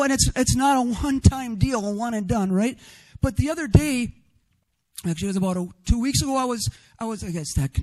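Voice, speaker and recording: A male preacher with a strikingly high voice delivers an expressive sermon. He swells to loud, fervent passages and keeps checking in with his listeners by asking "right?". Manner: rhetorical "right?" asides.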